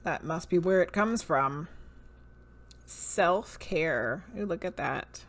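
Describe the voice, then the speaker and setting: This streamer, a woman with a Southern US accent, talks slowly and animatedly in a lowish voice. She muses over cards on her livestream, reading their names aloud and chatting casually with viewers.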